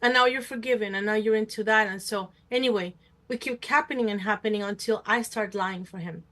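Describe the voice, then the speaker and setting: A woman's voice: medium pitch, a little fast, fairly bright tone. A woman hosting a talk show, telling a personal story and acting out other people's voices. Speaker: host. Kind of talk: casual talk show conversation.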